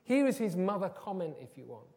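A man's voice: high voice, sing-song, fairly quick, darkish tone. A man preaching a sermon, earnest and building to emphatic, repeated phrases. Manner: earnest, rising to emphatic repetition.

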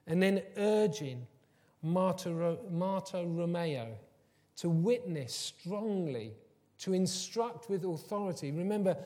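A pastor delivers a sermon with a fairly high voice that echoes through a large church hall. He tells stories warmly and shifts between hushed, low passages and loud, emphatic lines. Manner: warm storytelling, swings from soft and low to loud and emphatic. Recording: long hall reverb.

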